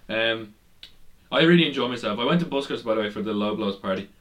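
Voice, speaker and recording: A man's voice: lowish voice, expressive, fast, fairly bright tone. Rambling young man on a wrestling podcast. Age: young adult. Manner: rambling, laughs often, restarts a lot. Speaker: podcast co-host. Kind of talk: casual wrestling podcast chat.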